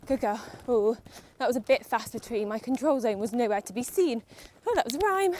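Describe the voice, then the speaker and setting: A woman's voice: a little high, animated, normal speed, darkish tone, slight background noise. A young woman vlogging while riding her horse, chatty and nervous, talking to the horse and her viewers. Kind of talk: casual chat while riding. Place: outdoor riding arena.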